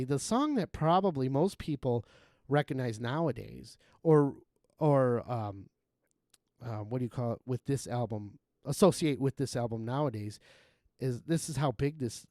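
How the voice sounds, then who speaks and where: A man hosting a live game stream, rambling and swearing freely as he chats, often breaking into chuckles. His voice sits at an ordinary middle pitch, and the sound is close and dry, with no room around it. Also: normal speed, a little mellow, no echo. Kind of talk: casual gaming-stream chat.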